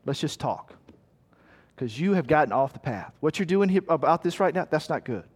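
A preacher voicing God as a calm, firm fatherly figure who gently corrects a wayward listener. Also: fairly high pitch, moderate pace, slightly rough. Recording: long hall reverb.

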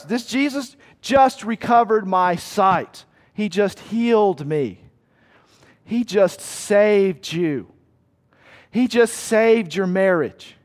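A man preaching a sermon as pastor, animated, acting out voices and cries and repeating lines for effect. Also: high-pitched, drawn-out words. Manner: animated, acts out voices and cries, rhetorical repetition.

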